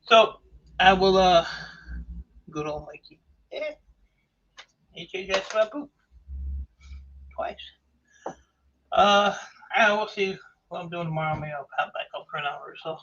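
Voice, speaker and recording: A man streaming himself taking apart e-waste, chatting in a rambling, offhand, self-mocking way, hoarse from talking for hours. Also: high-pitched, expressive, measured pace, long pauses, a bit bright, highs cut off. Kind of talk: casual livestream chat.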